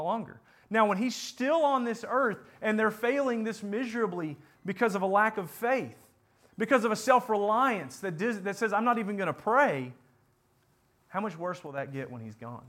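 A man preaching a sermon, building to impassioned repeated questions and sinking to quiet, earnest prayer. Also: high-pitched. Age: adult parent.

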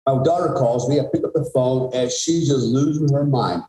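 A man's voice: medium pitch, moderate pace, dark tone. Blunt middle-aged man in a roomy echo. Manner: blunt, profane, emphatic. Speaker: podcast guest, former special forces soldier. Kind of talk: conversational storytelling.

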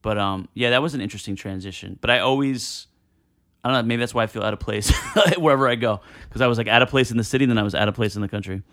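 A man's voice: medium pitch, rapid-fire, fairly bright tone. Man, middle-aged, from new jersey, casual podcast storyteller, acts out quotes. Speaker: podcast guest.

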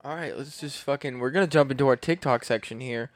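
A man's voice: mid-range voice, fast. A young adult man hosting a casual podcast, swearing freely and laughing often. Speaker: podcast host.

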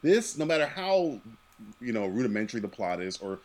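A podcast host with a medium-pitched voice chats casually at a fairly quick clip. He's animated and profane, and he laughs often.

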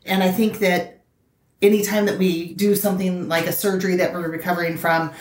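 Frank, lower-voiced woman, echoey room. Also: little pitch movement, a little fast, a little mellow, a little hiss or hum. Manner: frank, encouraging, laughs easily. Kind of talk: casual chat.

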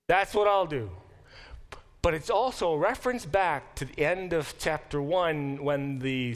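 A middle-aged man teaching a Bible class to students, thinking aloud with quick restarts and questions to the room. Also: fairly high pitch, a bit bright. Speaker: Bible professor. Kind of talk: classroom lecture.

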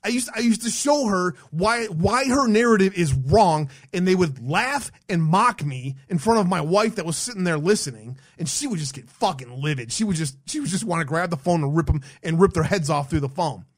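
A man hosts an online show in a heated, profanity-laden rant. His high voice swoops up and down as he talks, and he rambles bluntly, often tripping over restarts. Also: lively intonation, fairly quick, hardly any pauses. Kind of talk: heated ranting commentary.

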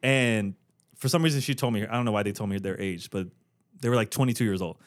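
A man's voice: lowish voice, fast. A man co-hosting a podcast in casual chat, telling stories in a laid-back way and swearing freely. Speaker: podcast co-host.

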